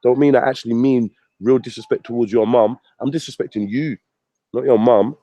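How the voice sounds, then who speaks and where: Mellow-voiced profane ranter. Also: male voice, medium pitch, steady tone, brisk, no room sound. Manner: profane, mocking, combative. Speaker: vlogger. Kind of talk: ranting commentary.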